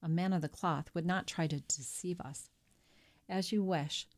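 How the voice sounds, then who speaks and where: A woman's voice: on the low side, steady tone, unhurried, natural voice. Woman reading as a grim fearful innkeeper's wife. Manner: grim, muttering.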